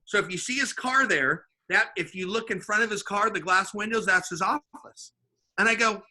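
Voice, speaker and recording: Man, high voice, very bright and tense tone, lively storyteller, acts out the voices in his story. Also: normal speed, slight background noise. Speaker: sales regional manager and podcast guest. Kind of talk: animated storytelling in casual chat.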